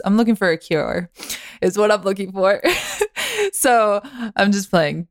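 A young woman from Massachusetts hosting a casual podcast chat, bubbly and quick to laugh. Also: fairly low pitch, clean tone, no echo, clean studio sound. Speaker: podcast host.

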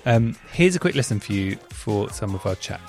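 A man's voice: fairly low pitch, sing-song, normal speed, a little mellow, faint music behind. A man hosting a podcast, chatting and gushing enthusiastically while reading out listener messages. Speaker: podcast host.

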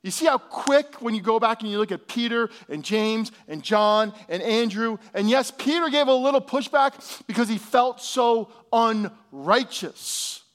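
A pastor preaching a sermon, swinging from hushed, low lines to loud, emphatic ones. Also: male voice, expressive, a little slow, hardly any pauses. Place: church hall.

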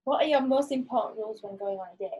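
A woman's voice: fairly high pitch, fast, dark tone, slightly rough, rough recording. A woman chatting casually, asking questions and giggling often. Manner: giggly, asks questions lightly. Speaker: podcast co-host asking questions. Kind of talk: casual chat.

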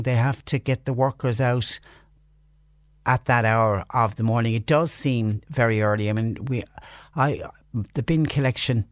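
A man's voice: medium pitch, dry recording, studio quality. A man with an Irish accent hosting a local radio phone-in, chatting through listener texts and reading community notices. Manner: conversational, reads texts and notices aloud. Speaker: radio host. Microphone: studio microphone.

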